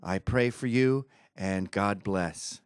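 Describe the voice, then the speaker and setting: A man's voice: lowish voice, slow, clean tone, dry recording, studio quality, voice pushed down. A man putting on a solemn mock-official voice for a politician's address. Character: mock politician greeting Catholics.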